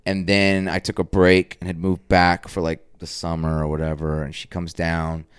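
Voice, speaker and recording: A man, a guest artist on a podcast, telling stories in a casual, animated and profane way and acting out the voices of people he quotes. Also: sits low, normal speed, clear, resonant tone, no echo.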